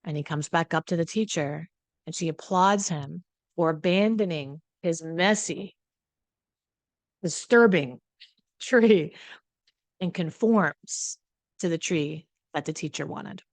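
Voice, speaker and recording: A woman's voice: on the low side, slow pace, pauses often, no room sound. Chatty woman telling a story. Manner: animated, chatty, repeats herself. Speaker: host. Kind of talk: casual storytelling talk.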